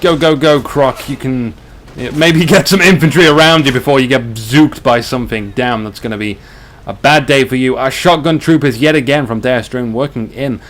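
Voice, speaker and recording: A man giving casual, excitable commentary over a live strategy game, joking with the players, with hiccups. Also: medium pitch, normal speed. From Australia. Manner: chatty, excitable, jokey.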